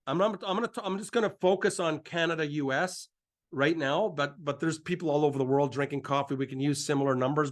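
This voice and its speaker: During a live presentation, a middle-aged man delivers an eager sales pitch that circles back on itself repeatedly. He keeps building up his own excitement as he goes.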